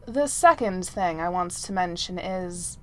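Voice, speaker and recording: A woman reading aloud, voicing a pompous male knight who speaks slowly and formally. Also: on the low side, animated, a bit bright, pitched below the performer's own voice. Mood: droning. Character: pompous male knight giving a long speech.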